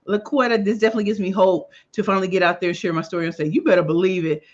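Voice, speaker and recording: A woman hosting a casual livestream, greeting viewers by name in a lively, slangy way and sounding a little tired. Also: mid-range voice, fast, muffled recording. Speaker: livestream host.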